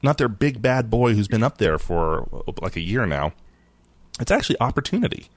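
A low-pitched man talks tech news with a lively, swooping delivery, cracking jokes and laughing as he goes. The sound is dry and close, with no room around him. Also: moderate pace, dry recording. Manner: animated, jokey, laughs often. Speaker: podcast co-host. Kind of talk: casual tech news chat.

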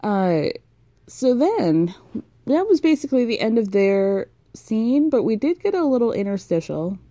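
A woman's voice: on the high side, sing-song, measured pace, warm tone, dry recording. A woman hosting a casual recap, talking frankly, swearing freely and leaning on fillers. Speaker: podcast host recapping a reality show.

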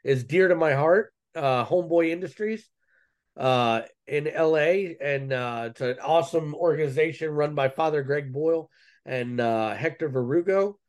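A man's voice: fairly high pitch, moderate pace. A man guest in an interview, earnestly telling a personal story in casual, rambling speech full of fillers and restarts, saying "man" and "dude".

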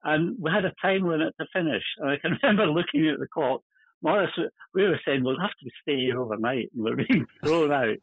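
A man's voice: fairly high pitch, expressive, fairly quick, slightly rough, dry recording. An older man, a guest, telling chuckling, rambling stories about his working life in casual conversation. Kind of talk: casual storytelling. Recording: tinny phone-line sound.

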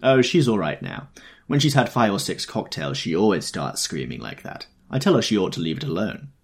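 A man's voice: low voice, sing-song, fairly quick, creaky, breathy edge, heavily acted. A man voicing a heavy, lethargic, gossipy woman in a dismissive, chatty manner.

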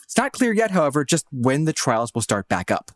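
Male podcast news co-host, fairly high voice, very animated, dry studio sound. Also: fairly quick, no room sound. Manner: lively, wry, expressive delivery. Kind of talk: scripted news reading and casual banter.

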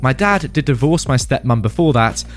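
Male narrator, lively expressive read, faint music bed underneath. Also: mid-range voice, normal speed. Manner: animated storytelling narration. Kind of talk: scripted story narration.

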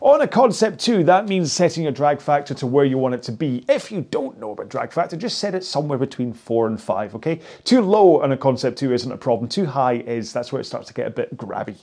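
A man's voice: medium pitch, expressive, brisk, hardly any pauses, dark tone. A man coaching a rowing workout, chatty and jokey, talking while he rows on a machine. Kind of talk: instructional workout talk.

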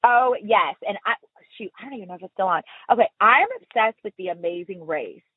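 A woman telling stories in a casual interview, her voice swooping up and down as she gets animated and laughs often. The sound is narrow and phone-like, and her tone has a slight breathy huskiness. Her voice is dry and close, with no room echo. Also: medium pitch, fairly quick. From Houston, Texas. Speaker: podcast guest. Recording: phone-like remote call audio.

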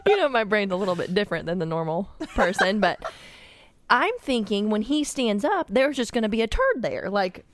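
A woman guest on a podcast tells a story casually and giggles her way through it. Her pitch sits in the middle but swings widely as she talks. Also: big pitch swings, normal speed, slight background noise. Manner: giggly, often breaking into laughter mid-story.

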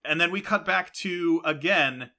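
A man's voice: a little high, measured pace, bright, forceful tone. A man hosting a podcast, recapping an episode in a rambling way with many fillers and restarts. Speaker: podcast host. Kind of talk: casual show recap.

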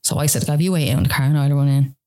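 A woman's voice: a bass voice, fairly even intonation, very fast, warm tone. An Irish woman, a podcast guest, telling a personal story in casual conversation, full of "like" and retold dialogue. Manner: rambling, frequent "like" fillers, retells dialogue.

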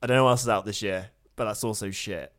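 A man's voice: fairly low pitch, steady tone, fast talker, a bit bright. A man co-hosting a casual film-review podcast, sardonic and swearing heavily, often laughing. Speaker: podcast co-host.

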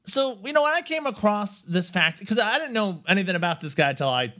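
A man's voice: high-pitched, very animated, fairly quick, pushed and bright. A man co-hosting a podcast in casual chat, rambling and restarting his sentences, laughing often. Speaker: podcast co-host.

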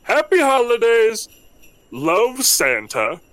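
A man's voice: very high voice, wildly swooping pitch, slow, fairly bright tone, no room sound, pitched above the performer's own voice, exaggerated voice. A man voicing Santa Claus, a jolly old man who laughs with hearty ho-hos.

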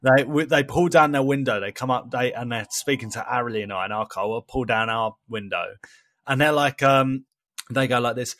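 An animated man, chatting casually on a podcast. He laughs often as he tells his stories. The sound is dry, with no room echo. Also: medium pitch, brisk. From England. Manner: laughing storyteller, animated impressions. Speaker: podcast co-host. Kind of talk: casual chat.

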